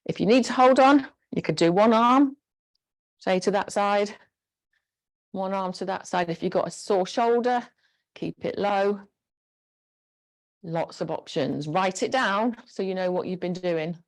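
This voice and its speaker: A woman's voice: medium pitch, a little slow, long pauses. Chatty woman leading an exercise class. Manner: encouraging, chatty cueing of moves. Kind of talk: live online exercise class instruction. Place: home room with a squeaky floor. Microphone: clip-on mic pack.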